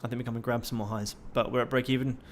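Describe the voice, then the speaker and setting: A man's voice: medium pitch, level tone, very fast, slight background noise. A young man hosting a trading livestream, talking casually and swearing constantly in a pumped-up, motivational way.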